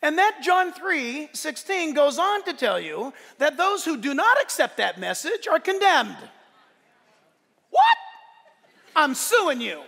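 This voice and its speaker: A man preaching in a very high, bright voice that rings through a large hall. His delivery is emphatic and animated. He breaks off into joking asides before driving his point home again. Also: unhurried, gravelly, few pauses. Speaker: pastor. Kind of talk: sermon. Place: church sanctuary during a service. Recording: long reverb of a large hall.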